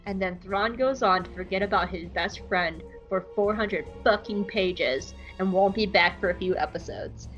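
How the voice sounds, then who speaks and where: A woman hosting a podcast, recapping an episode in an animated, profane, jokey way on a close mic. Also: mid-range voice, moderate pace, hardly any pauses, lo-fi sound, soft background music. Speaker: podcast host.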